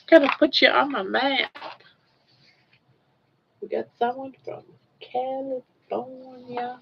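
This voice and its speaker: An older woman from Southern Maine hosting a casual livestream chat from her home office, cooing softly to her pet between talking with viewers. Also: fairly high pitch, slow pace, vocal fry, long pauses, highs cut off, slight background noise. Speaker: livestream host.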